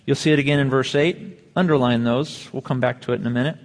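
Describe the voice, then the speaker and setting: A man's voice: mid-range voice, fairly even intonation. Man preaching in an echoing hall. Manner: measured preaching with slow emphatic phrases and rhetorical questions. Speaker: pastor. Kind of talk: sermon.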